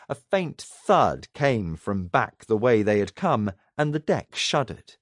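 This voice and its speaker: A man reading science fiction narration aloud in a dramatic, expressive way. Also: fairly low pitch, slow, few pauses, no room sound, clean studio sound. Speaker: audiobook narrator. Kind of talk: scripted narration.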